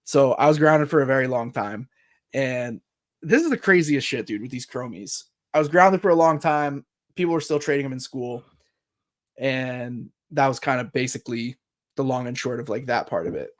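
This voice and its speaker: A man in his thirties telling a story casually as a podcast co-host, animated and swearing freely, acting out the other people's lines. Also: medium pitch, normal speed.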